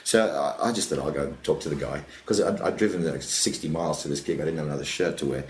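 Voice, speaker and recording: A deep-voiced male comedian talks fast as a guest on a casual podcast, rambling through animated anecdotes full of quoted voices. The recording has a roomy echo, faint background ambience and a little hiss or hum.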